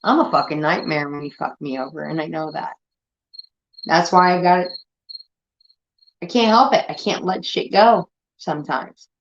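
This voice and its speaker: A woman's voice: low voice, normal speed, long pauses. A woman from Indiana hosting a livestream, ranting heatedly and swearing a lot in casual talk. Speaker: livestream host. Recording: dull lo-fi stream audio.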